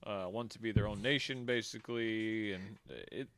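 A man's voice: on the low side, steady tone, moderate pace, fairly bright tone, a little hiss or hum. A man chatting casually and enthusiastically about a TV show, laughing often and swearing freely. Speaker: co-host discussing a TV show. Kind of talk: casual chat.

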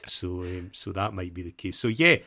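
A man's voice: low-pitched, moderate pace, sharp tone. A man co-hosting a football podcast, chatting casually in a rambling, self-deprecating way and laughing often. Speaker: podcast co-host.

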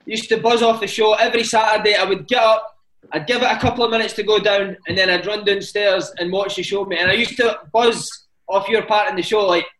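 A man's voice: high-pitched, steady tone, fairly quick, a bit bright. A man hosting a casual podcast, full of enthusiastic, laddish banter. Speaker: podcast host. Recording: echoey room.

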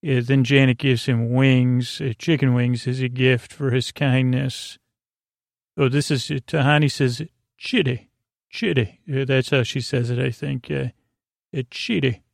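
Flat, gravelly man rambling to sleep. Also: dry recording, clean studio sound. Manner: rambling and halting, many filler sounds; low-key, flat and meandering. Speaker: podcast host. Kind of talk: sleep podcast episode recap.

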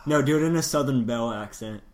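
A man's voice: mid-range voice, fast talker. A man co-hosting a casual podcast, teasing and egging on the host.

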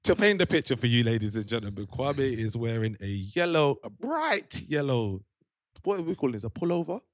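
A man's voice: medium pitch, very animated, normal speed, dry recording, clean studio sound. A man hosting a casual chat among friends, teasing and laughing as he talks. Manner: playful, laughing, teasing banter. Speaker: podcast host. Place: shared room with friends.

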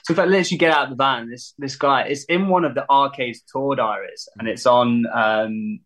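Lively musician telling stories. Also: male voice, mid-range voice, a little fast. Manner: animated, laughing storyteller who acts out quotes. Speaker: musician guest. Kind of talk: casual anecdote telling.

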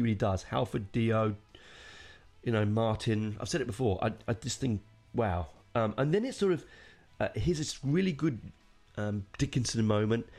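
Low-voiced man rambling about a metal album. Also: darkish tone. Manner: enthusiastic and rambling, with jokey asides. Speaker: podcast host reviewing a metal album. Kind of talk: casual spoken album review.

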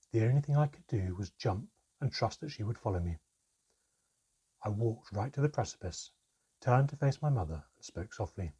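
A man narrates an audiobook in a dramatic, first-person storytelling manner. His voice sits low and sounds very husky and breathy. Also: expressive, normal speed, dark tone, muffled recording.

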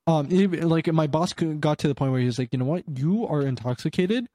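A man's voice: on the high side, quick pace, dark tone, dry recording, clean studio sound. A young man casually telling work stories, rambling, full of fillers and swearing. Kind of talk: casual chat.

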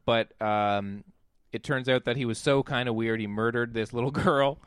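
Profane, animated man recapping a movie. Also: mid-range voice, moderate pace, smooth, no room sound. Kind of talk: casual movie review chat.

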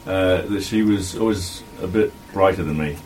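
A man's voice: low voice, normal speed, darkish tone, recorded from a distance, a little hiss or hum. A man chatting on a radio show, hesitant and self-deprecating. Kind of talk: casual radio chat.

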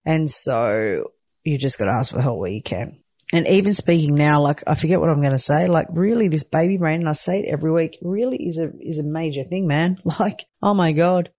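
A woman's voice: deep voice, a little fast, a little mellow, no echo. A sleep-deprived new mother talking candidly in a casual weekly chat, swearing lightly and laughing often. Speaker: weekly vlogger, new mother of twin boys.

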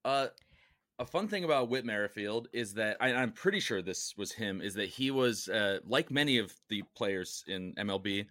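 A man's voice: lowish voice, expressive, moderate pace, bright, forceful tone, no room sound, studio quality. A man co-hosting a casual podcast, explaining things in an upbeat, enthusiastic way. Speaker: podcast co-host.

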